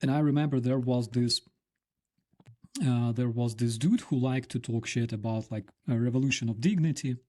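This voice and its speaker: Ukrainian veteran, blunt and profane. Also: male voice, mid-range voice, normal speed, dark tone. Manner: swears freely, hesitant with many fillers. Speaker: guest, veteran. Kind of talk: casual interview chat.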